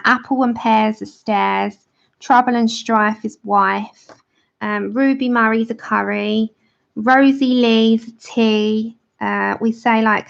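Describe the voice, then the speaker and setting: A woman's voice: a little high, gravelly. An English woman hosting a livestream, chatting casually and explaining each step as she colours. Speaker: livestream host. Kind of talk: casual chat while colouring. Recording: dull lo-fi livestream audio.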